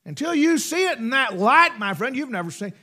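Fervent preacher man, high and lively. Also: fairly quick. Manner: fervent, swinging between loud bursts and hushed asides. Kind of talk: sermon.

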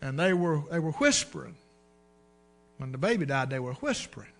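A man's voice: big pitch swings, normal speed, gravelly. A man preaching a sermon in a folksy storytelling way, acting out the people in his stories. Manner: folksy storytelling, acts out dialogue with rising pitch and volume.

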